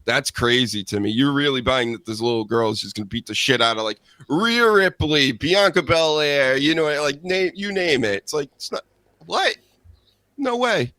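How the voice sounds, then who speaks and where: A man's voice: mid-range voice, lively intonation, normal speed, pushed and bright, dry recording. A man, chatting casually as a co-host of a wrestling review show, rambling with lots of fillers and mocking impressions. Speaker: podcast co-host.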